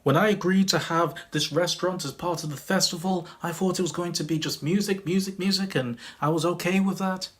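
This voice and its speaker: A stern old restaurant manager, put on by a man telling a story, who is angry and loud and keeps insisting. His voice sits higher than the storyteller's own and pushes hard. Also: fairly even intonation, brisk, few pauses, natural voice. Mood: angry, insistent.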